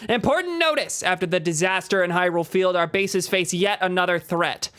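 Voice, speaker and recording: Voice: mid-range voice, fairly quick, fairly bright tone, smooth, lightly acted. A game streamer doing a mock newscaster voice and reading an urgent bulletin aloud with emphatic announcer delivery. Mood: announcing.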